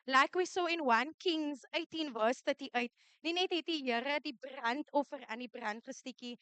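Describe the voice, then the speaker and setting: Lady giving a church message, high voice, dry sound, repeats stuff for emphasis. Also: fairly bright tone, dry recording. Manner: switches between English and Afrikaans, repeats key lines for emphasis. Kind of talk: sermon. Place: church service.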